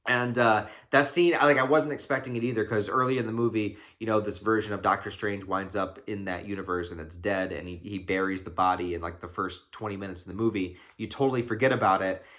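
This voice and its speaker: An excitable young man talks through a movie review in a loose, rambling way, full of fillers and curses. His voice has a bright, forceful edge. He sounds like he's chatting straight to his viewers. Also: on the low side, quick pace, few pauses. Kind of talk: casual spoiler review.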